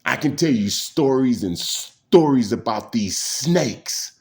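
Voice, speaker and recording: A man's voice: mid-range voice, animated, slow, creaky. A man tells a personal story in an intense, streetwise way. He rambles from one memory to the next and drops "man" into nearly every line.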